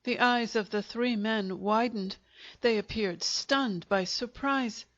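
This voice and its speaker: A woman narrating a short story in a measured, even storytelling manner. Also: fairly high pitch. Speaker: audiobook narrator. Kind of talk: scripted narration. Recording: dull lo-fi recording.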